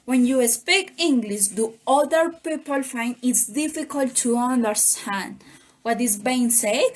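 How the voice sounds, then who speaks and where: A young Colombian woman reading a class presentation in English, her voice fairly high. She goes slowly and evenly through each sentence. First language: Spanish. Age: young adult. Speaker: student presenter.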